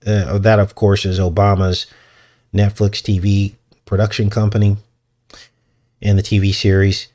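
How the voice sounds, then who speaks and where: A man's voice: lowish voice, completely flat delivery, measured pace, dark tone. A man hosting a casual livestream, chatty and self-deprecating, often chuckling as he talks. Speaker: host.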